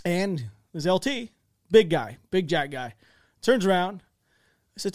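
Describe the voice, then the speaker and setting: A man's voice: high-pitched, sing-song, unhurried, dry recording, studio quality. A young man telling a military story on a podcast in a rambling, self-interrupting way, acting out the voices in it. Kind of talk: casual storytelling chat.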